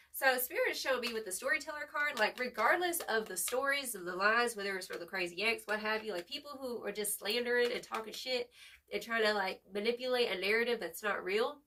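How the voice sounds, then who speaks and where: Woman, tarot reader, bright higher voice, slangy and swearing, mic a little off. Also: far from the mic. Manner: expressive, slangy, swears freely, hypes the viewer up. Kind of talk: casual tarot reading to camera.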